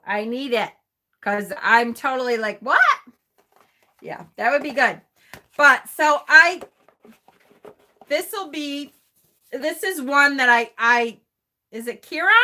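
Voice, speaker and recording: The host of a tarot channel runs a chatty live stream, laughing often while she reads aloud and responds to her chat. Her voice sits high and sounds sharp and animated, at a measured pace with long pauses.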